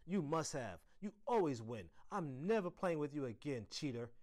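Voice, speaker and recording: A furious little girl in a storybook yells at her friend, as a man reading aloud puts her on. The voice climbs very high and stays loud, with lots of up-and-down movement. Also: animated, takes it slowly. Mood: angry. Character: upset schoolgirl shouting at her friend.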